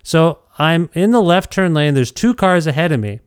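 A middle-aged man spins a casual, self-deprecating anecdote, his pitch sitting a bit high. His voice is smooth and resonant, heard close and dry. He talks in an animated way and trips over his own words. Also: moderate pace, no echo. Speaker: podcast storyteller. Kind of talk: casual storytelling.

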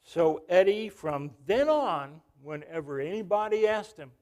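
A man's voice: fairly high pitch, lively intonation, measured pace, few pauses, darkish tone. A male pastor preaching a sermon, telling a story and calling out to the congregation.

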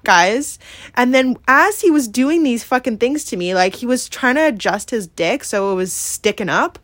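Female podcast host, bright higher register, emphatic confessional delivery, dry recording. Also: expressive, measured pace, dry recording. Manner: emphatic and profane, heavy use of "like" and "yeah?". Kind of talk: candid confessional storytelling.

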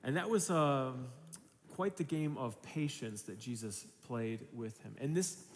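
A man's voice: mid-range voice, a little slow, in a large hall, slight background noise. A man in his thirties preaching a sermon as pastor, casual and conversational, slipping into voices for the people in his story.

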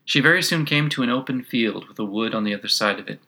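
A man narrating a storybook at a measured, expressive pace. His voice is bright and clear, with mid-range pitch and gentle storytelling shaping. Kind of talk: audiobook narration.

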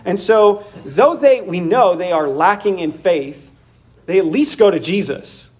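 A man preaching a sermon, animated, often laughing and acting out the voices of the people in his story. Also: high voice, measured pace. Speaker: pastor.

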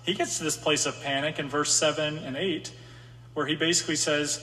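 A man's voice: fairly high pitch, steady tone, brisk, sharp tone. A man preaching a conversational sermon to a room of listeners, sometimes voicing the psalmist's anxious pleas. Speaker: pastor. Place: room with an audience. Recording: long hall reverb.

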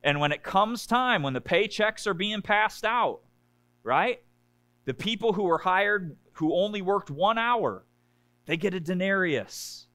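A man's voice: expressive, a little slow, bright, forceful tone, no echo. Man preaching a conversational sermon. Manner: conversational preaching, keeps asking the congregation "right?"; acts out complaining voices in a high whiny pitch. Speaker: pastor.

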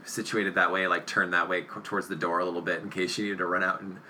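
A woman's voice: a bass voice, level tone, fast, sharp tone, a little hiss or hum. A woman co-hosting a podcast, chatting casually and giggling as she rambles through jokes. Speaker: podcast co-host. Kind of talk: casual chat.

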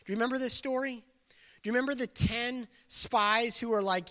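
A man's voice: extremely high pitch, fairly even intonation, a little fast, sharp tone. A man preaching a sermon in a casual, conversational way, slipping into voices of the people in the story. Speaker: pastor. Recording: long hall reverb.

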